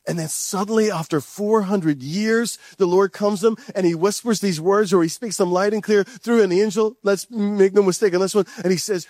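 A man's voice: sits high, darkish tone, no echo, studio quality. A man preaching a sermon to his church in a fervent, conversational way, often restarting phrases and calling out to the congregation. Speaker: pastor.

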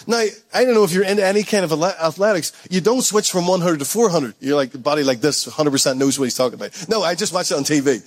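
A male pastor delivering a sermon with a fairly high voice. He talks to the church like he's chatting with them, then climbs higher as the story gets exciting. He calls out to the room for an answer as he goes. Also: fast, few pauses. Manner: storytelling, builds up with rising excitement; conversational, calls out to the congregation.

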